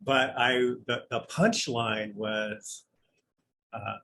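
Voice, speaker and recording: A man's voice: mid-range voice, moderate pace, a bit bright, low-quality recording. Male Zen priest, casual dharma talk, musing and conversational, mid-range voice, faint background noise. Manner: musing, conversational, thinks aloud with light humor.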